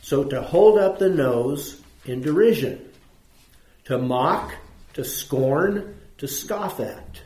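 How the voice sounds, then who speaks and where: A man's voice: fairly high pitch, animated, slow pace, warm tone. A man teaching a conversational Bible lesson to an audience, asking questions and repeating points for emphasis. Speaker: preacher teaching a Bible class. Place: church room with audience. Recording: echoey room.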